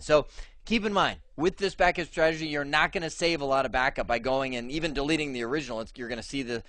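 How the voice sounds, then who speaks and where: A man walks through a cloud tech lesson in a relaxed, talkative way, often restarting his sentences. His voice sits a little high. The sound is dry and close, with no room echo. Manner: casual and chatty, with frequent fillers and restarts. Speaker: instructor. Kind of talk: screen-share tech lesson.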